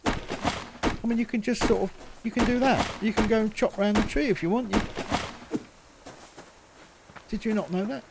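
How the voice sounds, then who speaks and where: A man's voice: high-pitched, normal speed, gravelly, pauses often, very noisy. A man chatting and muttering to himself as he plays a survival game, with mild swearing and asides to viewers. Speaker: gaming channel host.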